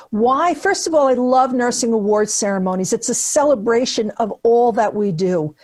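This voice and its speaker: A woman's voice: on the high side, a little mellow. A woman from New Jersey, a nurse, giving a prepared speech at an awards event with punchy comic asides, recorded on a webcam. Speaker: keynote speaker at nursing awards.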